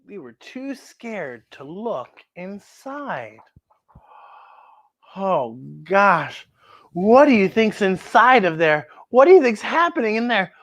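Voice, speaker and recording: A woman hosting a children's show, reading a picture book aloud with chatty, animated asides. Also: medium pitch, measured pace. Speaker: children's story host.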